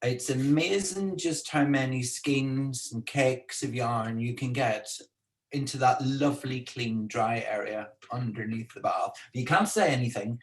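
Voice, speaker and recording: A man's voice: mid-range voice, unhurried. A man hosting a casual live-streamed talk from home in a chatty, playful, teasing way. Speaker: co-host and speaker. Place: indoors at home.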